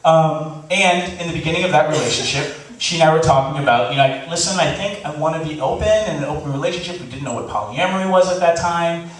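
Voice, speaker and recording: Man, stage storyteller, fairly high voice, animated, heard from across a booming hall. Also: fast, hardly any pauses, distant mic, a crowd in the background. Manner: animated, laughing, acts out quotes. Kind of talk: live comedic storytelling. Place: large hall before a live audience. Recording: echoey live hall recording, faint hiss.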